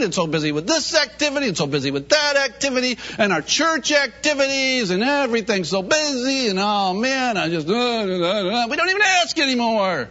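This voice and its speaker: A man preaching a lively sermon, with a high and very expressive voice that swings up and down. His tone is bright and pointed. The recording sounds dull and lo-fi. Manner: animated, acts out Bible voices, laughs often.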